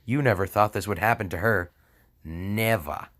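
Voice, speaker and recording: This young man's voice is lowish and a bit bright, moving at normal speed as he comically reads a fan story. He stops for sarcastic remarks, laughs often and stumbles over the wording.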